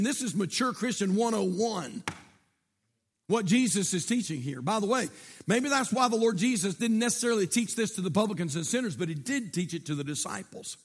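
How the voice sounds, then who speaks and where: A pastor preaching to his church, swinging from quiet teaching to shouted exhortation. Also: high voice, animated, a little fast. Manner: preaching with rising shouts and call-outs to the church. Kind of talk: sermon.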